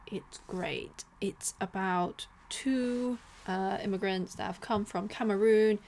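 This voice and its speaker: A young woman chatting casually about books she is giving away, lively and expressive, slipping into whispered asides. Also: medium pitch, measured pace. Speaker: book vlogger. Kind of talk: casual chat.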